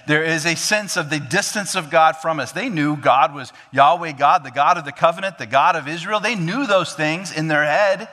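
A man's voice: fairly high pitch, bright, forceful tone, long reverb tail. A man preaching a sermon as pastor, earnest and vivid, who acts out scripture scenes as he goes.

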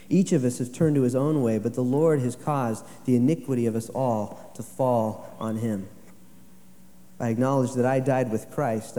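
Impassioned preacher in a reverberant hall. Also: male voice, medium pitch, dark tone. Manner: impassioned preaching, reading scripture aloud with rising emphasis. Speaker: pastor. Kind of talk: sermon.

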